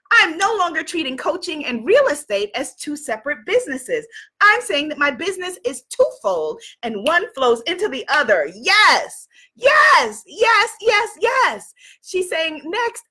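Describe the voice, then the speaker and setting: A woman's voice: sits high, sing-song, moderate pace, sharp tone. A woman spiritual coach hosting a motivational video, reading out messages and cheering with effusive repeated praise.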